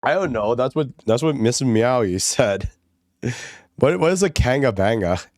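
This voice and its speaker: A man's voice: mid-range voice, lively intonation, measured pace, darkish tone, no echo, studio quality. A young man, a VTuber streamer, chatting casually with his viewers while playing a game, laughing often and rambling. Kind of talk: casual gaming commentary.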